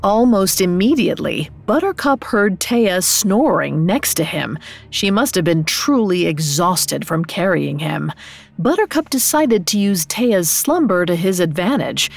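Expressive woman reading a fairy tale. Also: fairly low pitch, measured pace, creaky. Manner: expressive, with rises on dramatic beats. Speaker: storyteller. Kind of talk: scripted story narration.

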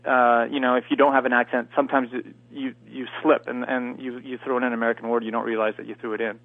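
A man's voice: mid-range voice, level tone, quick pace, gravelly, no echo. A native French-speaking man from Canada, a guest actor chatting casually in an interview with many fillers and restarts. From Canada, near Montreal. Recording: tinny phone line, dry.

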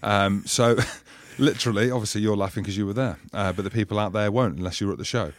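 A man co-hosting a podcast, telling lively anecdotes in casual banter and acting out the shouts of people in his stories. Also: on the low side, fast, dry recording, studio quality. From Scotland. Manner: animated storyteller, acts out loud voices in anecdotes. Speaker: podcast co-host.

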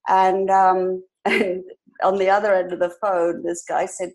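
A woman in her sixties with a British accent that carries some New York twang. She tells her stories in a lively way, acting out quoted voices and laughing often. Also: lowish voice, unhurried, low-quality recording. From Britain. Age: 60s. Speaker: hair industry educator and guest. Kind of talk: casual podcast interview.

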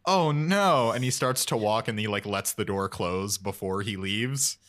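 A man's voice: lowish voice, steady tone, normal speed, a bit bright. A man chatting casually as a podcast host, enthusiastic and rambling with many fillers. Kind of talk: casual chat.

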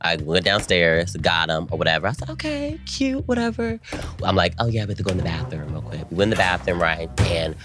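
Young male podcast co-host, low voice, dramatic storyteller, faint music underneath. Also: fast talker, few pauses. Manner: animated, dramatic retelling with acted-out quotes and frequent profanity. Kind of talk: casual storytelling chat.

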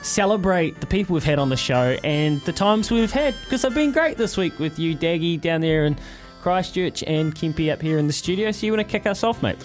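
A man's voice: a little high, animated, fairly quick, soft background music. A man hosting a breakfast sports radio show, bantering and teasing his co-hosts.

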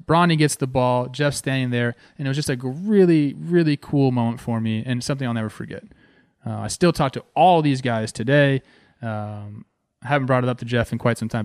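A man in his thirties from Southern California recounts his playing days while talking over game footage. He speaks in an animated, excited way and keeps dropping "man" into his sentences. His mid-range voice sounds dry and close. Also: mid-range voice, no room sound. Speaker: former pro baseball player hosting a video series.

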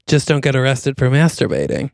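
A man from New York with an Albany accent, co-hosting a podcast with animated, joking banter. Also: medium pitch, brisk, gravelly, no echo, clean studio sound. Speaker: podcast co-host. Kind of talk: casual chat.

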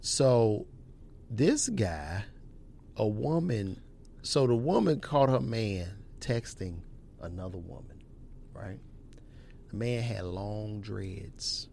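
A young man, hosting a casual podcast chat and telling stories in an animated, profane way. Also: takes it slowly, vocal fry, pauses often, a little hiss or hum. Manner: animated storyteller, acts out voices with loud jumps in pitch, profane.

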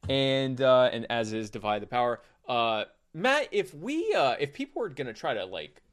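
A man's voice: medium pitch, sing-song, moderate pace. A man co-hosting a podcast, wrapping up the show in a jokey, rambling way. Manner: jokey, rambling, auctioneer patter. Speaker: podcast co-host. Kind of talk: casual show outro chat.

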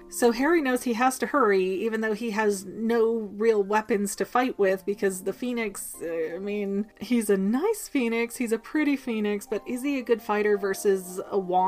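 Woman podcast host doing a casual chatty book recap, playful asides, medium pitch.

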